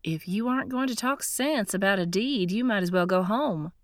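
A pushy, sharp-tongued woman who talks in curt, demanding bursts, as a woman reader puts her on. The voice sits noticeably higher and brighter than the reader's own, recorded dry and close. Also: moderate pace, no room sound, natural voice. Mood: snappish.

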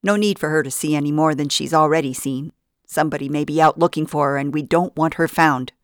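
A woman's voice: low voice, brisk, dry recording, studio quality, lightly acted. A woman voicing a harsh, bossy female kidnapper in an audiobook, with a curt, commanding manner. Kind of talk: audiobook narration.

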